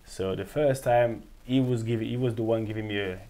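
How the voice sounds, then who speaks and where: A man's voice: fairly low pitch, fairly quick. A man from France, speaking English with a French accent, telling his story as an interview guest and acting out the people in it. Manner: animated, acts out quoted voices, laughs often. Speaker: guest, former footballer.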